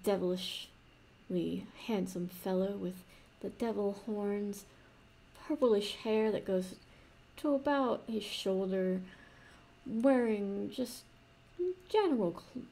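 A woman spins an improvised fantasy tale in a soft, rambling way, pausing for restarts and little asides. Her voice is mellow and breathy, sitting in a middle pitch. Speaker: storyteller.

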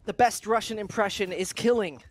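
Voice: mid-range voice, normal speed. An esports caster from Germany giving playful, wordy colour commentary on a headset.

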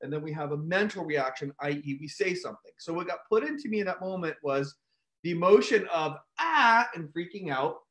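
Animated man telling a story on a live stream. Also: fairly high pitch, a little fast. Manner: animated storyteller, shouts to act out reactions. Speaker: host. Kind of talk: casual live-stream talk.

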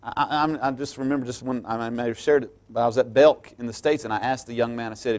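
A man preaching a sermon as pastor in a church, swinging from quiet asides to loud, emphatic passages and laughing between lines. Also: medium pitch, steady tone, fast, few pauses.

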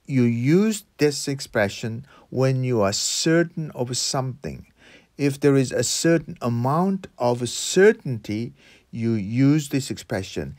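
A man teaching phrases in English, explaining patiently and repeating each phrase slowly. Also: medium pitch, a little mellow, no echo. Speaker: Korean language teacher. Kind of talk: slow explanatory lesson.

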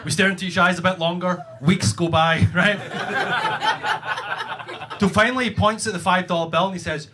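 A man with a Scottish accent doing a stand-up set on a comedy club stage, telling stories in a profane, animated way into a stage microphone. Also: high voice, moderate pace. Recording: live comedy club, loud noise.

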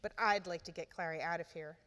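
A woman's voice: on the low side, steady tone, fairly quick, a bit bright, long reverb tail, voice pushed down, close to an everyday voice. A woman reading the lines of a blunt, impatient young woman in a firm, matter-of-fact way. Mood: annoyed.

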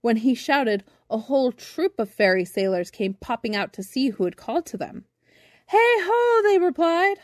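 A woman's voice: fairly high pitch, normal speed, hardly any pauses, darkish tone, no room sound, clean studio sound. Woman telling a children's story.

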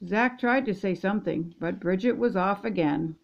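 An older woman, a grandmother reading a children's picture book aloud in gentle, steady storytelling. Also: mid-range voice, moderate pace, gravelly, lo-fi sound. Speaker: storybook reader.

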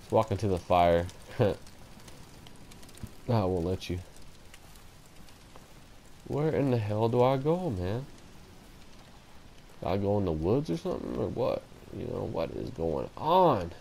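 Young male let's-play host, lowish voice, nervous jokey running commentary. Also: slow, creaky, pauses often, a little hiss or hum. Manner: excitable, talks to himself, jumpy and joking. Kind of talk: casual gameplay commentary.

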